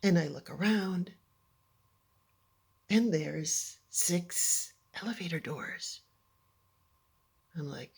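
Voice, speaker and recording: A woman telling a personal story to an audience in an animated, dramatic way, often dropping into hushed near-whispers. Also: fairly low pitch, extremely slow, gravelly, long pauses, slightly rough.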